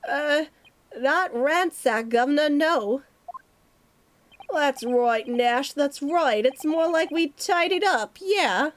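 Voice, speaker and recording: A woman voicing a pair of scrappy Cockney brothers, petty thieves, talking in rough street slang. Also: high-pitched, expressive, takes it slowly. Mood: defensive. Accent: Cockney put-on.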